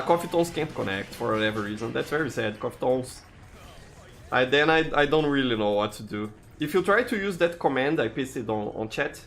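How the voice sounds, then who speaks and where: A man's voice: medium pitch, fairly bright tone. A man from Brazil with a Brazilian Portuguese accent, chatting with viewers while he plays a game live, with many "you know"s and restarts. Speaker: game streamer. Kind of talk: live gameplay commentary.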